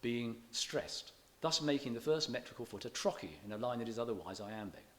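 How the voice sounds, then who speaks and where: A man giving a public lecture on poetry, measured and scholarly, slowing down to read verse aloud with stressed beats and sometimes restarting his words. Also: medium pitch, animated, a bit bright. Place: church hall.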